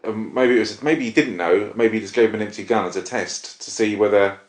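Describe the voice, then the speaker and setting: The podcast host, a man with a lowish voice and brisk delivery, reviews films casually. His talk is rambling, self-interrupting, and full of enthusiasm, captured with a roomy echo.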